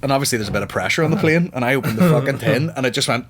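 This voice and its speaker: A man hosting a comedy podcast, telling rowdy stories with plenty of swearing and loud acted-out reactions. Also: medium pitch, animated, very fast. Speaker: podcast host reading listener questions. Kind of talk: casual comedy podcast banter.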